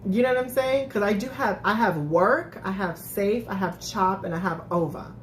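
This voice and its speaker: A woman's voice: medium pitch, normal speed, a little hiss or hum. A woman hosting a casual live-stream recap, chatting with viewers, laughing often and restarting her sentences. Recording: echoey room.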